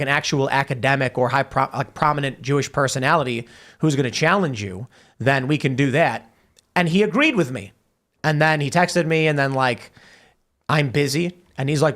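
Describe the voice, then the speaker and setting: A man's voice: on the high side, fairly bright tone. Man rambling as a talk show host. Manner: rambling, reading viewer messages aloud. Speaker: podcast host. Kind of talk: casual talk-show banter.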